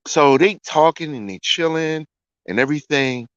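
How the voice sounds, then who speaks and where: A man's voice: a little high, animated, moderate pace, fairly bright tone, clear, resonant tone, no room sound. A man telling a story in a casual way, often repeating lines for effect. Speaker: storyteller host. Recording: dry, dull lo-fi sound.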